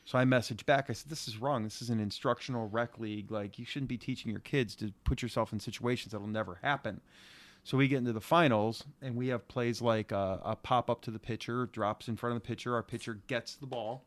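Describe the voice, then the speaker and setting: A middle-aged Ohio man with a Northeast Ohio accent co-hosts a podcast, telling a casual story from his time coaching youth softball. He's animated, acting out the quotes, and speaks a little fast in a mid-range voice.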